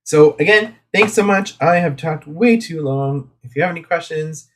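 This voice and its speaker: A man's voice: a little high, moderate pace, a little hiss or hum. A man hosting a live coloring stream, chatting casually and rambling from his craft desk. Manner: rambling and chatty, with many fillers and asides.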